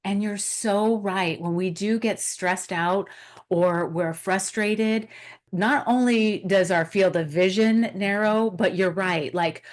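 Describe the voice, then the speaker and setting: A woman's voice: medium pitch, slow pace. A woman hosting a podcast interview, enthusiastic and affirming as she responds to her guest. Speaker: podcast host.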